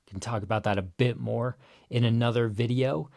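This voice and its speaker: A man teaching pronunciation in a relaxed way, drawing words out slowly to demonstrate them. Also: medium pitch. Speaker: language teacher. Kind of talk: pronunciation lesson.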